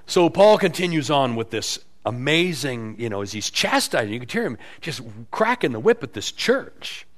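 A man preaching a sermon as pastor, animated and emphatic, swinging between quiet stretches and loud peaks, acting out quotes with a sarcastic edge. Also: mid-range voice, moderate pace, few pauses. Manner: acts out quotes with sarcastic inflection.

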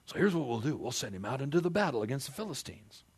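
A man voicing a crafty, scheming king, in a loud, offhand, slangy manner. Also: medium pitch, sing-song, fast, breathy edge, voice pushed up.

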